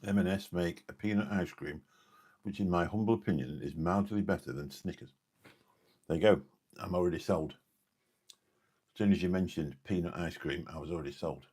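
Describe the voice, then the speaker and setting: A man from Lincolnshire, England, runs a late-night live stream, reading chat and rambling jokily between viewers' comments. His low voice is husky and darkish, and he talks briskly with long pauses.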